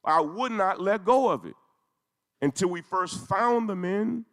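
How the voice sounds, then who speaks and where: Male speaker, intense storyteller, gravelly voice, echoing hall. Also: high voice, expressive, a little slow, a bit bright. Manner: intense, storytelling with rising emphasis. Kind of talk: emotional speech to a congregation. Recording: echoey hall.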